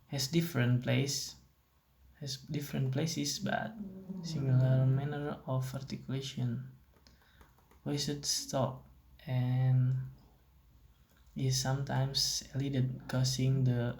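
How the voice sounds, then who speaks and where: Young male student, gravelly and monotone, halting class presentation. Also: mid-range voice. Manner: hesitant, halting reading with restarts.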